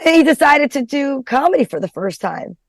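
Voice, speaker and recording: A high-voiced middle-aged woman comedian chats bluntly and profanely, telling story after story. Her voice sounds close and dry, with no room around it. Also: very animated, fairly quick, no room sound. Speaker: stand-up comedian, podcast guest. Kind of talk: casual podcast chat.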